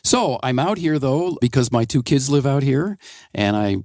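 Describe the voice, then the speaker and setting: A man's voice: mid-range voice, expressive, moderate pace, darkish tone, dry recording. A man in his sixties from Wisconsin, a guest winemaker chatting wryly and telling rambling stories in a radio studio interview. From Wisconsin, USA. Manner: chatty, wry, rambling anecdotes. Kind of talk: casual radio interview storytelling.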